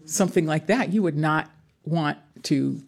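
Male host, empathetic and probing, higher-pitched voice. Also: measured pace, vocal fry. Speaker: interviewer. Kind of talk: interview questions.

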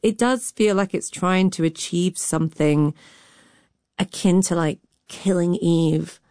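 Female critic, frank and wry, low warm tone, dry studio. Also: takes it slowly, dry recording. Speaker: critic and cultural commentator. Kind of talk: radio arts discussion.

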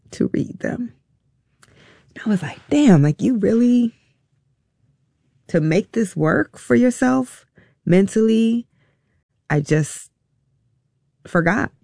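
Woman guest, gravelly and emotional, halting delivery, dry close mic. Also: deep voice, mellow, no echo. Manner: halting, emotional, with many pauses and fillers. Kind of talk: personal storytelling in an interview.

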